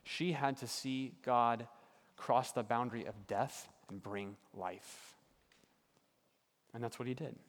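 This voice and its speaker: Preaching slowly with frequent pauses and fairly even intonation, an earnest male pastor drives his points home by repeating them. He often drops his mid-pitched voice softer for emphasis, and a large hall's long reverb lingers after it.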